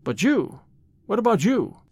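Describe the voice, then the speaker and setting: A man's voice: high voice, big pitch swings, unhurried, gravelly, darkish tone, husky, no echo, studio quality, pitched above the performer's own voice, heavily acted. A man voicing a gallant young hero in his own voice, speaking in an earnest, proud way.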